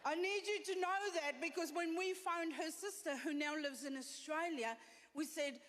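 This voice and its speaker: A South African woman with a high, slightly bright voice and a South African accent delivers a blunt, self-deprecating stand-up set at a moderate pace. She's performing on a comedy stage before an audience, recorded live in a venue with long reverb and faint room noise.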